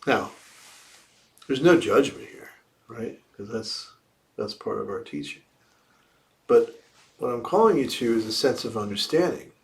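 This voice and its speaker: A man speaking at an unhurried, deliberate pace as he gives a dharma talk. His pitch sits in an ordinary middle range. He poses questions to his listeners and circles back over key phrases as he works through a teaching. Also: animated, creaky. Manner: reflective, asks rhetorical questions and repeats key phrases. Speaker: Buddhist teacher. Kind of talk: dharma talk after meditation. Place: livestreamed evening service.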